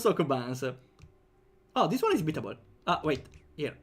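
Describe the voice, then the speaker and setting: A man's voice: fairly high pitch, very animated, moderate pace, slightly rough. A young man with an Italian accent chatting playfully on a livestream while programming, laughing often and joking with chat. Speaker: game developer streamer.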